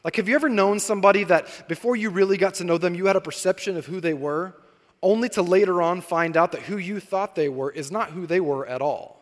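Chatty preacher in an echoing hall. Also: male voice, sits high, fairly quick. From Arkansas, raised in California. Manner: conversational storytelling with asides to the congregation. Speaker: pastor. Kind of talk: sermon.

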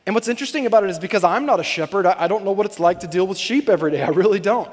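Male pastor preaching, high voice, keeps repeating his main points, long echo like a big hall. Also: racing, a little mellow. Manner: conversational and emphatic, repeats key points. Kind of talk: sermon.

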